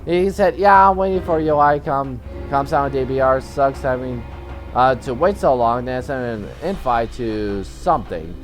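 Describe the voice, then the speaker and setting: A man's voice: mid-range voice, normal speed, faint music behind. Teenage boy rambling through a chat-log story. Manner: rambling, stumbling restarts, replaces swears with "you know what". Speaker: channel host. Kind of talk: casual storytelling, reading chat messages aloud.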